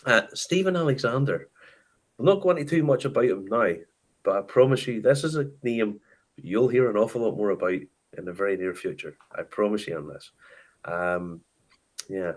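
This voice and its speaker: A man's voice: on the low side, moderate pace. A man co-hosting a casual whiskey chat show. He talks in an enthusiastic, chatty way and laughs often. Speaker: podcast co-host. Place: hotel room.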